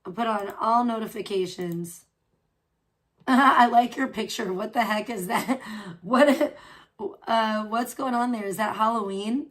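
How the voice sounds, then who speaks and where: Rambly streamer lady, kinda high voice, laughs a lot and talks to chat. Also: a little slow, fairly bright tone. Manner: rambling, chatty, frequent laughs; reads and answers chat. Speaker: livestream host. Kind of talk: casual live-stream chat.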